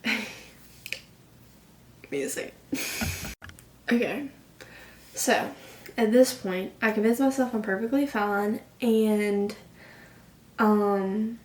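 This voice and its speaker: Recorded on a distant mic in a roomy space, this young woman in her late teens speaks in a fairly high, darkish voice. As a vlogger, she rambles emotionally through a personal story, packed with "like."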